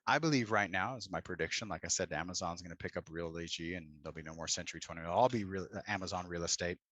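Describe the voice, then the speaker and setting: Blunt, profane middle-aged coach. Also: male voice, deep voice, fast talker, fairly bright tone, no room sound. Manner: blunt, profane, pep-talk energy. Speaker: real estate coach. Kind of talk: live coaching talk. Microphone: video call.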